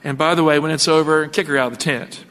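A scheming older wife coaxes and wheedles in a low, conspiratorial tone, as a male preacher acts her out. The voice stays bright and forceful. Long reverb from a large hall follows it. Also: steady tone, fast, lightly acted. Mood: coaxing. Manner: coaxing, conspiratorial.

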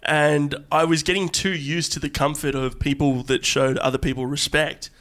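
Man, young, comedy podcast co-host, casual chat, animated storyteller, slightly high voice. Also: normal speed. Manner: animated storytelling, rising excitement.

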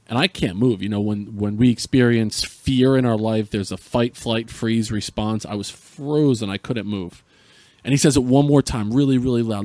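Earnest low-voiced man telling a story. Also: fairly even intonation, moderate pace, dark tone, dry recording, studio quality. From Central New Jersey. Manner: earnest, emotional retelling with many restarts. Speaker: podcast guest. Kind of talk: personal storytelling in conversation.

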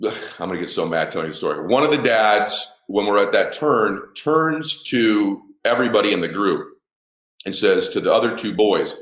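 Speaking at a normal speed in an echoey room, this expressive middle-aged dad recounts something from his own life with real emphasis. He curses, performs the dialogue and bursts into shouts when the story peaks.

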